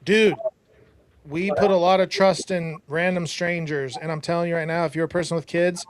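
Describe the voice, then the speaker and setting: A man's voice: fairly high pitch, fairly even intonation, moderate pace, noisy background. A man hosting a podcast, telling a personal story in a casual, emphatic way, with preachy asides to his listeners. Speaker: podcast host.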